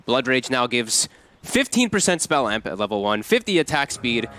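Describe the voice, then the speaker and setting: A man casting an esports match, quick and excitable, breaking down heroes and laughing at his own jokes. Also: medium pitch, slight background noise. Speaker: esports caster. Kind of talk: esports commentary.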